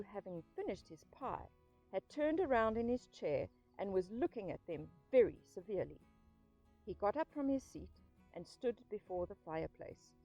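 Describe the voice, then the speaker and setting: Expressive woman reading a storybook. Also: medium pitch, no echo. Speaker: audiobook narrator.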